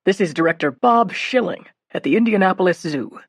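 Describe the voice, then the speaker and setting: A kindly older man, a zoo director in a storybook audiobook, speaking slowly and formally with warm pauses, as a woman narrator lowers her voice to play him. His tone sits a little low and the read is dry and close, with no room sound around it. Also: expressive, no echo. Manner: measured, pausing, friendly.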